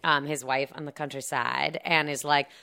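A woman's voice: low voice, steady tone, moderate pace, creaky, pushed and bright, clear, resonant tone. A woman casually recapping a film plot in a chatty, sarcastic way, full of fillers and asides. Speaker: podcast co-host recapping a film. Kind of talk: casual chat.

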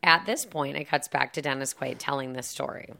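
A woman's voice: extremely low pitch, creaky, sharp tone. A young woman casually and sarcastically recapping a film plot, full of "like" and laughter, briefly acting out the characters' lines. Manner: chatty and sarcastic, lots of "like" and laughs, acts out lines in quick put-on voices. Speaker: podcast co-host recapping a film. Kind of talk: casual chat.

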